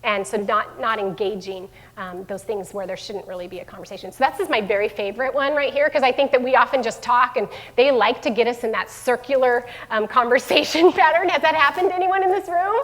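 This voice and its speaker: Middle-aged lady presenting to parents, kinda high voice, lots of um and restarts, echoey hall. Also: fairly quick, hardly any pauses. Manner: warm conversational speaker with many fillers and restarts. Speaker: school division head giving a parenting talk. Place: room with an audience. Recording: long hall reverb.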